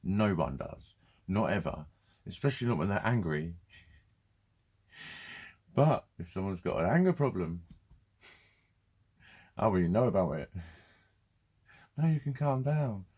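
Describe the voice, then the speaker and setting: A man's voice: low-pitched, expressive, measured pace, pauses often, warm tone, husky. A man ranting bluntly and swearing in a casual vlog. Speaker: vlogger. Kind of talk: casual ranting monologue to camera.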